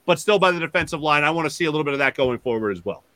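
A man with a high, sharp voice talks fast as he breaks down plays. The sound is dry and close. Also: expressive, dry recording. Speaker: sports analyst. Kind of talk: game breakdown.

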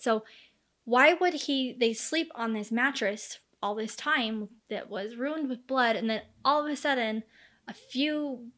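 A woman's voice: on the high side, fairly bright tone. Chatty woman recounting a true crime case. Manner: chatty, many fillers, acts out quoted dialogue.

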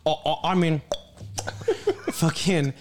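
A man's voice: on the high side, huge pitch swings, takes it slowly, noisy background. Profane, rambling young man telling a story. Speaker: podcast co-host. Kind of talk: casual chat.

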